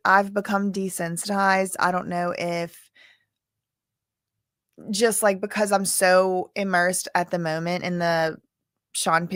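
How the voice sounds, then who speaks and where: A woman from Louisiana hosts a casual live stream about court cases. She rambles and talks straight to her audience in a lowish voice. The sound is dry, with no room around it. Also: fairly bright tone, no echo. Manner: chatty and rambling, talks straight to viewers as "y'all". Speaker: livestream host covering court cases.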